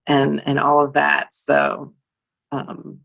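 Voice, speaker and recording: A woman's voice: low voice, monotone, slow, creaky, dull audio. An American woman from California with a slight Southern drawl, speaking reflectively as an author guest on a video call, hesitant with many fillers and restarts. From California, USA. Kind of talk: reflective conversational talk.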